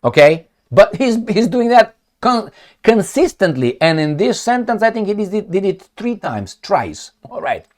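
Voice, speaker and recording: A man delivers a sarcastic political rant in a voice set a little higher than most men's. His pitch swings widely as he mocks and argues. He breaks into short bursts, restarts and fires off rhetorical questions. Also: very animated, unhurried, darkish tone. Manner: sarcastic, mocking, argumentative. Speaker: political commentary vlogger. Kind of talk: opinionated commentary rant.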